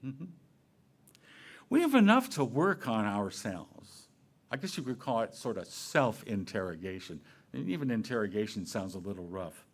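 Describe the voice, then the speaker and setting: Lively, playful male minister. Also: on the low side, normal speed. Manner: conversational, playful, asks questions. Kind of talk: sermon. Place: church sanctuary.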